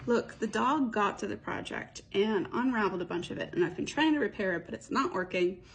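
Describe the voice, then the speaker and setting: A woman playing a superstitious young heroine from a cheesy holiday movie, fretting that everything is going wrong. The voice carries a gravelly rasp and an exasperated, slightly dramatic lilt. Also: medium pitch, expressive, brisk, natural voice, low-quality recording. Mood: fretful.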